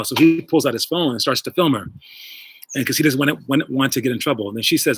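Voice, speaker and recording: A husky, fairly bright mid-range voice comes from a basketball coach and host speaking a little fast into wireless earbuds, recorded dry. On his casual basketball and coaching livestream he rambles with many fillers and addresses viewers directly.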